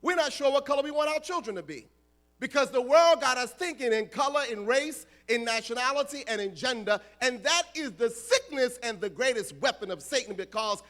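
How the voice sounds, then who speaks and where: Imam guy from the US preaching, super lively and high, jokes with the crowd. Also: fairly quick. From United States. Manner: animated, humorous, addresses the crowd directly. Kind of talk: sermon.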